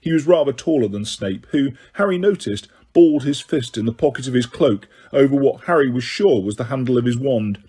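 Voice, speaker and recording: A male audiobook narrator tells the story in a steady, even way. His voice sits at a middling pitch and has a husky grain. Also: brisk, few pauses. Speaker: audiobook reader.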